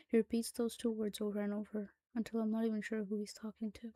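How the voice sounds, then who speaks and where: A woman's voice: medium pitch, monotone, fast, few pauses, dark tone, dry recording. A woman giving a dramatic reading of a horror story, often dropping to a whisper. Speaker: narrator.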